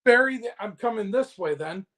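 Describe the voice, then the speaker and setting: A man's voice: high-pitched, expressive, fairly quick, bright, forceful tone. A man playing a tabletop role-playing game, gleefully describing his character's attacks. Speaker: player.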